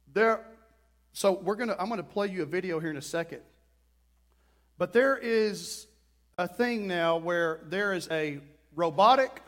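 Male preacher, high voice, middle-aged, animated storytelling, bursts of acted-out quotes. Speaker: pastor. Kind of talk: sermon.

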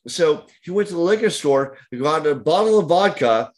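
Higher-voiced man telling a story. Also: normal speed. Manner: animated anecdote teller with lots of fillers. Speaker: tattoo artist and author, podcast guest. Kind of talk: casual storytelling.

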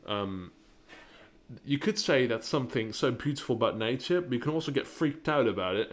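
A young man's voice, medium in pitch and expressive, moves briskly as he hosts a solo podcast. He speaks non-native, British-leaning English and rambles, frequently restarting and using fillers.

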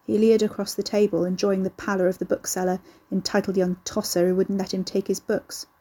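Brief: woman audiobook narrator, warm, mellow tone, slightly husky, measured delivery. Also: mid-range voice, flat delivery.

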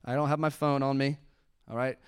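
A young man with a smooth, clear voice preaches a relaxed sermon to a congregation. He is conversational and playful, laughs easily, and slips into a soft, hushed tone when he demonstrates quiet prayer. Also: medium pitch, a little fast. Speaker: pastor. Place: church sanctuary before a congregation.

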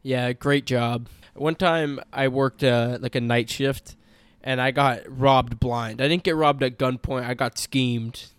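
A man's voice: medium pitch, fairly even intonation, measured pace, smooth, no echo. A young man co-hosting a casual podcast chat, talking bluntly with lots of swearing and emphatic storytelling. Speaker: podcast co-host.

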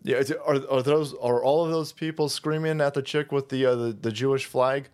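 A man's voice: medium pitch, fairly even intonation, fairly quick, a little mellow, clean tone, soft background music. A man hosting crude political commentary, mocking and swaggering, slipping into sneering mock voices. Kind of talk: profane ranting commentary.

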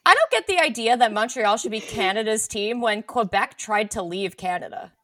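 This podcast co-host's casual talk rambles, is packed with "like," and often trails off partway through a thought. Her fairly high, fairly bright voice has lively intonation and moves at a moderate pace. The studio-quality audio has no echo.

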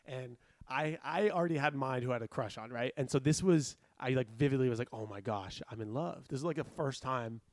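A young man telling a story in casual chat, animated and laughing often as he acts out quotes. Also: medium pitch, fairly quick, hardly any pauses, no room sound, clean studio sound. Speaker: podcast co-host.

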